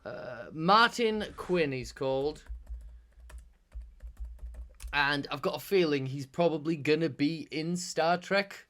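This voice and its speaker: A man's voice: on the high side, measured pace, few pauses, fairly bright tone. A man co-hosting a podcast, chatting casually, rambling with restarts and casual swearing. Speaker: podcast co-host. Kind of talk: casual chat.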